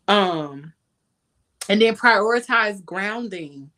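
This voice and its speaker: A woman hosts a casual advice talk. She speaks emphatically and laughs between points, at a middle pitch. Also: unhurried, fairly bright tone. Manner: emphatic, laughs often, sings a line. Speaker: podcast host.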